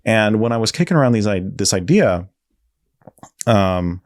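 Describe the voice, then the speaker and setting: Low-voiced man telling a story. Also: big pitch swings, normal speed, a little mellow. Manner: rambling, self-correcting storyteller. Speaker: guest creative designer. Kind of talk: casual interview.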